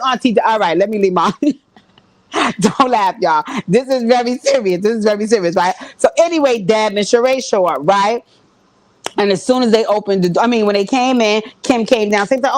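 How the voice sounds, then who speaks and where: A woman recapping a reality show in casual, profane, animated chat, talking straight to her viewers. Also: on the high side, moderate pace, no room sound.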